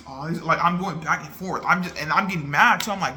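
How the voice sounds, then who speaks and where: An excitable man chats through an anime movie review in loose, slangy talk. His bright voice sits slightly high for a man, and he speaks with lively energy. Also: fairly quick, hardly any pauses. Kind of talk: casual chat.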